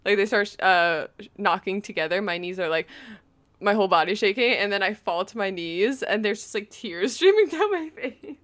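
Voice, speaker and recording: Young woman, slight lisp, lively up-and-down pitch, rambling casual gaming chat. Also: moderate pace. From New York, Long Island. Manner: rambling, chatty, full of "like". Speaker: gaming vlogger.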